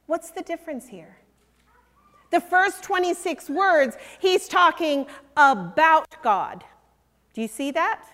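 A woman preaching a sermon, earnest and emphatic, softening her voice when she reads scripture. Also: high-pitched, animated, slow pace. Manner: earnest, emphatic, drops to soft intimate tones for scripture. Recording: long reverb of a large hall.

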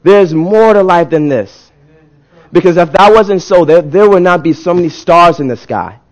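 A man's voice: high voice, moderate pace, highs cut off. A man preaching a sermon who repeats and restarts words as he builds intensity and leads the congregation in call-and-response. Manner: rising to emphatic peaks, call-and-response with the congregation.

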